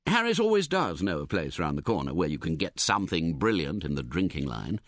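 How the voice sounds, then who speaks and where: A man narrating a comic novel as an audiobook, in a wry, expressive, theatrical manner. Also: low-pitched, fairly quick, few pauses, no echo, studio quality.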